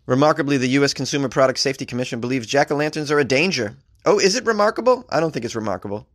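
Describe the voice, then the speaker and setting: A man reads strange news items out loud and comments on each one. He is sarcastic and rambling, with a casual swear here and there. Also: medium pitch, expressive, rapid-fire. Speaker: host reading and reacting to news stories. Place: staying in a hotel abroad.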